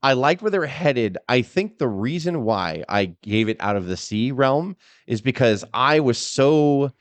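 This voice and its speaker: A man co-hosting a wrestling podcast in casual chat, animated, laughing and swearing freely. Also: mid-range voice, a little slow, no echo. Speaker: podcast co-host. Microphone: podcast microphone.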